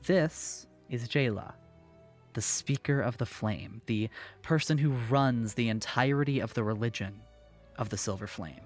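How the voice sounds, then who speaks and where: A man narrating as game master of a tabletop game, casual and animated with frequent fillers. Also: mid-range voice, unhurried, faint music behind.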